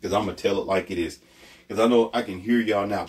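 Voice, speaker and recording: A man's voice: on the low side, lively intonation, fairly quick, far from the mic, soft background music. A man delivering a blunt, preachy motivational monologue, emphatic and repetitive.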